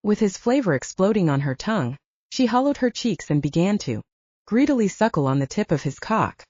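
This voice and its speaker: A woman narrating a romance audiobook in an expressive, animated reading. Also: mid-range voice, fairly quick, dry recording, dull audio. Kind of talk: scripted narration.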